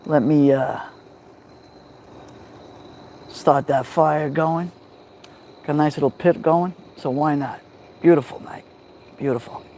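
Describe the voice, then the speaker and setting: A man with a New York accent hosting a relaxed livestream from a backyard fire pit at night, greeting viewers by name on a phone. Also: on the high side, takes it slowly, long pauses, slight background noise. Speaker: livestream host. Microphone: phone held near the fire.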